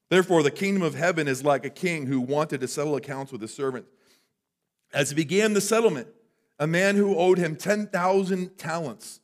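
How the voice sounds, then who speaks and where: Animated man preaching a sermon. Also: on the high side. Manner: animated, conversational preaching with dramatic drops to a hush. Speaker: pastor. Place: church sanctuary.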